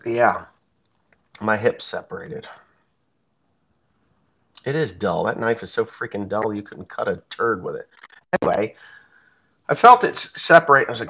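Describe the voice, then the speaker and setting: A man's voice: fairly low pitch, expressive, moderate pace, creaky, long pauses, fairly bright tone, breathy edge, lo-fi sound. A man, a farmer, telling a personal story in a blunt, plain-spoken, profane way.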